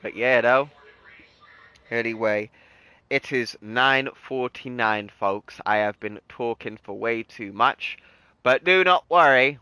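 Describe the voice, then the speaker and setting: A young man with a British accent chats loosely on his game stream, circling back with "like" and false starts. His voice is bright and smooth. The sound is dry and close, with no room around it. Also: lowish voice, no echo, poor audio. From United Kingdom. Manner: rambling, full of "like" and restarts. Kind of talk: casual chat on a gaming stream.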